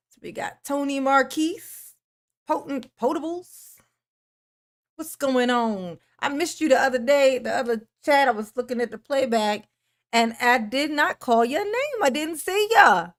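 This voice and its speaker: A woman with a bright, high voice hosts a casual livestream and greets viewers by name with affectionate pet names. She talks in an unhurried way, refers to herself as Mama, and laughs often between greetings. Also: lively intonation. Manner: calls herself Mama in the third person. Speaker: livestream host. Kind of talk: casual live-stream chat greeting viewers.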